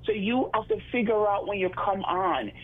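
A woman with a Jamaican accent calling in to a radio show, blunt and animated, mixing plain English with patois. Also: medium pitch, moderate pace, breathy edge. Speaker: caller. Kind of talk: call-in radio chat. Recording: tinny phone line.

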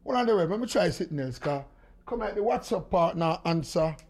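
A Jamaican man hosting a radio live stream, excitable and quick, calling hello again and again. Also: high-pitched. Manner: excitable, rapid, calls hello over and over. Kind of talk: casual live-stream chat.

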